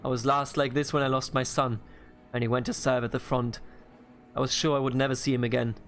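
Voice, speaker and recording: A man voicing a remorseful middle-aged drunkard father on trial, reading his lines in a pleading, halting way from a video game. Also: mid-range voice, flat delivery, a bit bright, natural voice.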